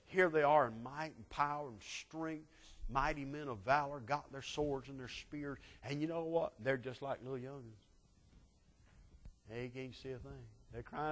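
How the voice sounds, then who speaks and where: A man preaching a sermon, telling a Bible story dramatically and swinging from loud peaks to hushed asides. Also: medium pitch, measured pace. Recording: long hall reverb.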